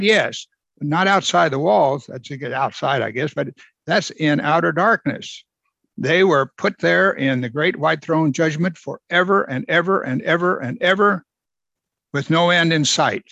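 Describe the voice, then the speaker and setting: Guy preaching, bright tense voice a bit high, dry close sound, hammers his points with repeats. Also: normal speed, creaky, no echo. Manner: emphatic, repeats phrases for stress. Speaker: pastor. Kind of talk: expository sermon.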